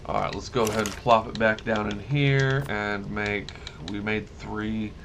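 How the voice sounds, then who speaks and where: Lowish male gamer, chatty and rambling over gameplay, audible background noise. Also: steady tone, a little slow. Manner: rambling, self-correcting, easily amused. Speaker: gaming YouTuber. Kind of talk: casual let's-play commentary.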